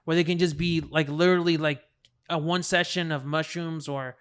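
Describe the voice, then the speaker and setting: Halting, filler-heavy podcast host. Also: male voice, on the high side, steady tone, a bit bright. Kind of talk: casual podcast conversation.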